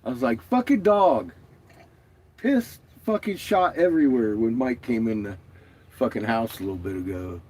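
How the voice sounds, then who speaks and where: A man's voice: medium pitch, animated, moderate pace, a little mellow, breathy edge. A man chatting casually in a vlog, laughing often and swearing freely. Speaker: vlogger. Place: out and about, doing laundry.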